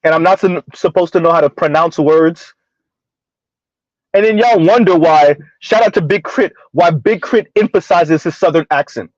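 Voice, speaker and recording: A man's voice: fairly high pitch, moderate pace, no echo, lo-fi sound. A man from the US South giving sarcastic, mocking reaction commentary and reading out chat comments. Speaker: commentary streamer.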